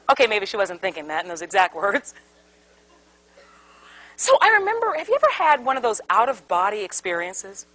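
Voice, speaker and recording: A woman's voice: high voice, sing-song, moderate pace, a bit bright, poor audio. A woman giving an interactive seminar talk on conflict resolution to a live audience. She tells stories animatedly, acts out quotes and asks the room questions.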